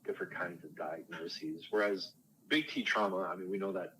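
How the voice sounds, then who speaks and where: A man's voice: deep voice, steady tone, moderate pace, pushed and bright, slight background noise, poor audio. A man who works as a counselor and coach answers interview questions in a conversational, explanatory way, with light self-deprecating asides. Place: outdoors on a porch.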